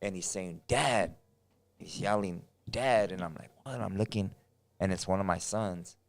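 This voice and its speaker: Deep-voiced man saying homie. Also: fairly even intonation, moderate pace, no echo. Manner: street slang, says bro and homie. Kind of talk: casual podcast chat.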